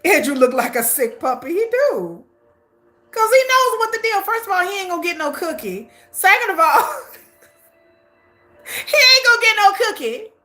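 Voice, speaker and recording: Brief: bright, high female reactor, sassy and lively, laughs a lot, talks back at the TV. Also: moderate pace, faint music behind. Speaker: reaction host. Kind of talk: casual live reaction commentary.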